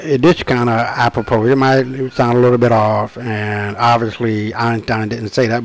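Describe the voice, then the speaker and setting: A man presenting his own book in a rambling monologue, emphatic and profane, often slowing to drag out his words, with frequent restarts and asides. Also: mid-range voice, rough recording. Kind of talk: rambling direct-to-camera monologue.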